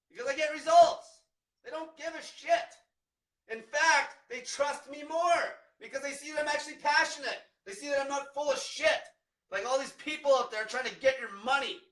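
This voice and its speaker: Brash high-voiced man ranting profanely. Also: sharp tone, far from the mic. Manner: brash, swears constantly, combative. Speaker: diet coach. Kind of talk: profane livestream rant. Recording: echoey room, away from mic.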